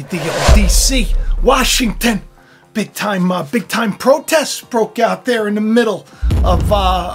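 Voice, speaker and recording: A man hosts his own spiritual video channel, speaking in a loose, rambling monologue full of fillers and restarts. His volume swings from low murmurs to loud outbursts.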